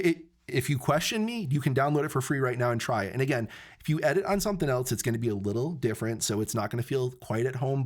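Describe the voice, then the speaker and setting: Man, podcast host, casual chat, rapid delivery, enthusiastic. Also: mid-range voice. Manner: enthusiastic, talks fast and insistent.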